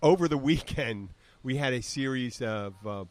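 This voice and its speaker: A man's voice: medium pitch, animated, moderate pace. A man in his fifties hosting a podcast in casual chat, rambling with restarts and fillers. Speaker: podcast host.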